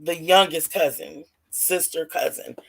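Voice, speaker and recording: A woman's voice: deep voice, fairly even intonation, measured pace, poor audio. Woman telling a rambling story. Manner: rambling, repeats and self-corrects. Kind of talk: casual spoken storytelling.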